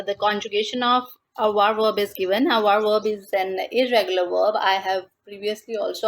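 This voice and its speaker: Woman teaching French slowly, gravelly voice. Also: mid-range voice. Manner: slow and deliberate, repeats words in French then English. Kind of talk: explaining a textbook lesson.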